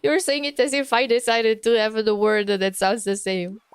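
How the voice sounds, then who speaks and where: A woman's voice: fairly high pitch, normal speed, clean tone, no room sound. Playful Italian-accented woman streamer. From Italy. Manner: playful, laughs often, chats with viewers. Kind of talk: casual live-stream chat.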